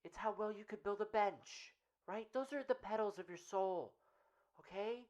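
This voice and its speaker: A woman's voice: medium pitch, normal speed, darkish tone, lightly acted. A woman playing an earnest, rambling male radio host and self-help guru in a comedic parody monologue, who keeps asking "right?".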